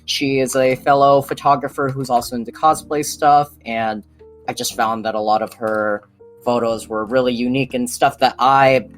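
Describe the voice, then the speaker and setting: A young man hosting a podcast, chatting casually in a relaxed, rambling, slangy way. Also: mid-range voice, normal speed, faint music behind. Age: young adult. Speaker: podcast host. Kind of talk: casual chat.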